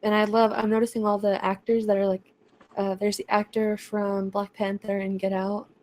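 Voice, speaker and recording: Casting note: woman podcast co-host, mid-pitched, gushing and chatty, faint room noise. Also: little pitch movement, moderate pace, darkish tone. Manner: chatty, gushing, laughs often. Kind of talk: casual chat.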